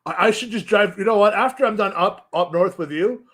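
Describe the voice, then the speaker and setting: High-voiced man swearing through an angry rant. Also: brisk, fairly bright tone. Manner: swears heavily, angry ranting. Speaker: podcast host. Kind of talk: casual podcast rant.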